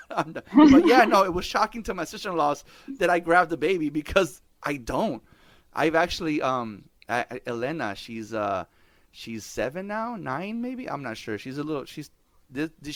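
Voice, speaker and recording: Middle-aged male podcast host, profane storyteller, a bit high-pitched, dry close sound. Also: fairly bright tone, no room sound. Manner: profane, storytelling, laughs often, drops Spanish words. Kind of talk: casual chat.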